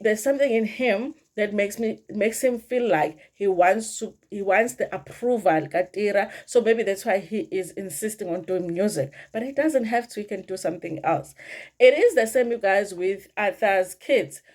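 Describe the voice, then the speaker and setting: A woman's voice: medium pitch, animated, moderate pace, darkish tone. Chatty South African woman recapping a show. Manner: chatty, addresses viewers as "you guys", mixes in Zulu phrases. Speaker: reality TV recap vlogger. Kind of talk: casual commentary vlog.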